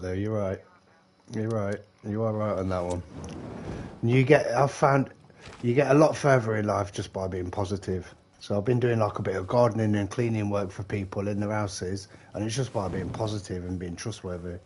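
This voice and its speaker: British guy on a game stream, bit tipsy, husky voice, rambles and swears and laughs loads. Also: on the low side, a little mellow. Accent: British English. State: slightly tipsy. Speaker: live streamer. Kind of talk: casual chat while gaming.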